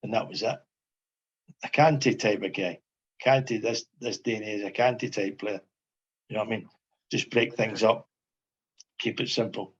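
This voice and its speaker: A man's voice: on the low side, steady tone, moderate pace, pauses often, husky, lo-fi sound. An older man, a former footballer, reminiscing as a podcast guest in a rambling way, repeating phrases and asking "you know what I mean". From Scotland. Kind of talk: casual reminiscing chat.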